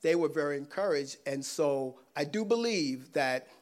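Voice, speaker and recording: A man telling a personal faith testimony in a casual, animated way, laughing often and swinging between loud and hushed. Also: on the high side, moderate pace. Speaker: guest sharing a personal testimony.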